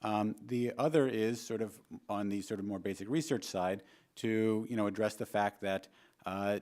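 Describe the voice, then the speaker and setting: A man's voice: on the low side, fairly even intonation, normal speed, a little mellow. A man testifying at a hearing, answering with lots of "you know" and "sort of". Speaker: economist witness.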